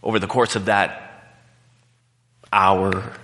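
A man's voice: low voice, level tone, slow pace, a bit bright, long reverb tail. A male pastor preaching a conversational sermon, telling a personal story in a candid, emotional way.

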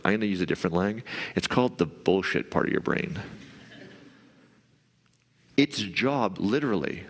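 A man with a fairly low voice preaches to his church in a loose, conversational way. He sometimes jumps into a higher, insistent voice to act out thoughts. The sound rings with the long reverb of a large hall. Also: vocal fry. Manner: conversational, acts out inner voices in a raised pitch. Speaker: pastor. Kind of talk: sermon.

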